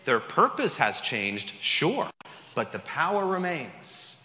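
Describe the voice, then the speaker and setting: A man's voice: fairly high pitch, very animated, takes it slowly, bright, forceful tone. A man preaching a Sunday sermon as pastor, conversational and emphatic, with asides to the congregation in a church sanctuary. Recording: long hall reverb.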